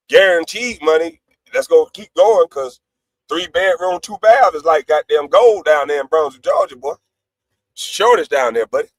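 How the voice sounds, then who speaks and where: A man ranting on a live stream panel in a brash, profane way. He swings between loud outbursts and low, laughing asides. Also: no echo, low-quality recording. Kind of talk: heated livestream rant.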